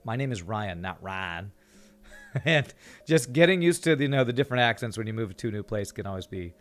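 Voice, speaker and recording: A man's voice: medium pitch, lively intonation, fairly quick. A man from California streaming a game, chatting to viewers in a rambling way and often repeating words while he thinks. He sounds tired after a busy season. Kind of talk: casual gameplay commentary with chat.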